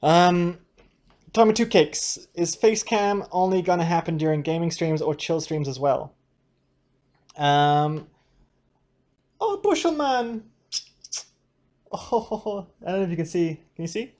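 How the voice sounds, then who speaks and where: A man, a comic artist, chatting casually on a live stream, reading viewer questions aloud in a halting, rambling way from his home studio desk. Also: fairly high pitch, steady tone, darkish tone. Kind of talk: casual livestream chat.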